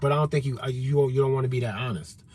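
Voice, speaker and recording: A man's voice: mid-range voice, fairly even intonation, fast talker, a little mellow, a little hiss or hum. A man in an unscripted monologue, talking straight at his listeners in a profane, confrontational, heated way. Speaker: vlogger.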